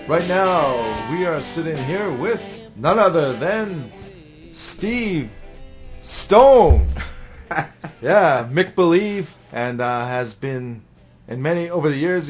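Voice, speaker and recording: Male host, fairly high voice, easygoing interview manner, faint music under him. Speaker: radio show host. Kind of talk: interview hosting.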